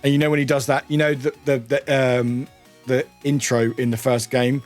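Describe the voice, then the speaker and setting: A man's voice: medium pitch, flat delivery, moderate pace, soft background music. A man streaming a game, chatting casually and giggling as he stumbles through reading text aloud. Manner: giggly, stumbles over words and restarts readings.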